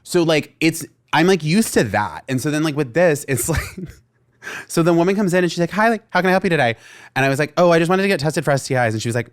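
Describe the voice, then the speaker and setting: Animated young man telling a story. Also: on the high side, fast. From Vermont. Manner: animated storyteller acting out quoted voices, lots of "like". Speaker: podcast co-host. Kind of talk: casual storytelling chat.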